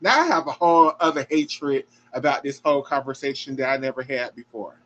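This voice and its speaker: A man's voice: mid-range voice, brisk, a bit bright, dull audio. A man hosting a gymnastics reaction show, talking emphatically and emotionally and swearing freely.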